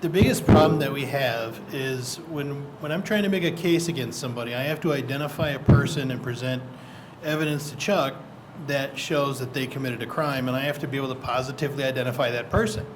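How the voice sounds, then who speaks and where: A man's voice: medium pitch, brisk, noisy background. A man, a police officer on a community panel, explaining casework in a dry, matter-of-fact way. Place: church hall.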